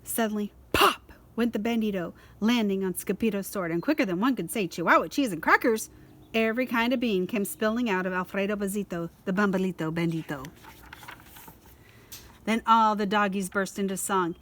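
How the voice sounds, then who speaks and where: Lively woman reading a picture book. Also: mid-range voice, normal speed, slight background noise. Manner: lively, expressive storytelling. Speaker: school librarian. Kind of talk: children's picture-book read-aloud.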